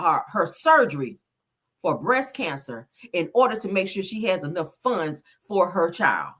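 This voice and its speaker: Woman streamer, husky and lowish, very animated, blunt and emphatic, calls viewers honey. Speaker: commentary streamer host. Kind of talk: casual news commentary.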